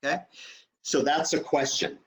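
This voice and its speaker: A man's voice: a little high, steady tone, moderate pace. A man teaching an online training session over a video call, explaining step by step and checking in with "okay?".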